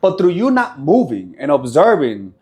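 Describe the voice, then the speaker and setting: A man's voice: a little high, huge pitch swings, normal speed, a little mellow. A man giving a casual motivational talk on meditation and reacting, blunt and profane, repeating phrases for emphasis. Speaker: self-help speaker.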